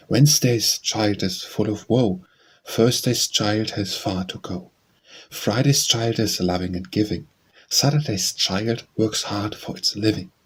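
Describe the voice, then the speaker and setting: Low husky man reciting nursery rhymes. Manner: sing-song, rhythmic recitation. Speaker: audiobook reader. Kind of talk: reading nursery rhymes aloud.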